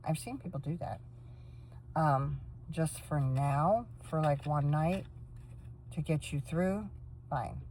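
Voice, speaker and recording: A woman's voice: deep voice, takes it slowly, pauses often, warm tone, a little hiss or hum, low-quality recording. A tired woman chatting casually to her phone camera from inside a parked van, sometimes breaking off to talk to her dog. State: tired, coughing. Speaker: van life vlogger. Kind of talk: casual vlog chat.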